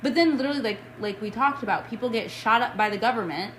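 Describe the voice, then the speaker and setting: A woman's voice: fairly high pitch, quick pace, fairly bright tone, reverberant, rough recording. Blunt, heated young woman podcaster. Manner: blunt, heated, swears a lot. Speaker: podcast co-host. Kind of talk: casual chat. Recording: faint background noise.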